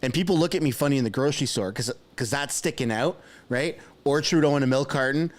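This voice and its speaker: A man commentating live on a stream, excitable, shouting and laughing as he reacts. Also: mid-range voice, fast.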